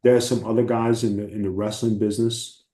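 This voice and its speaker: A man with a low, dark voice tells his stories in an animated, salty way, often putting on the voices of the people in them. The sound is roomy and echoey. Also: fairly quick. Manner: animated, profane storytelling with acted quotes. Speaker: interview guest, former wrestler. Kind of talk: casual storytelling.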